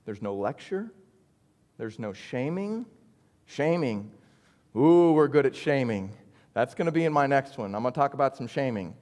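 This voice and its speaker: A man's voice: mid-range voice, animated, moderate pace, long pauses, a little mellow, in a large hall. A man teaching an adult Bible study in a conversational, earnest way, often checking in with "right?". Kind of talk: church Bible study lesson.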